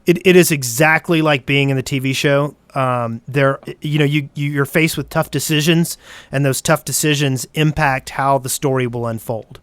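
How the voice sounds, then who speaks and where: A man's voice: medium pitch, fairly even intonation, moderate pace, fairly bright tone, clear, resonant tone, no room sound. A man hosting a casual podcast, talking eagerly about the games he has been playing. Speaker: podcast host.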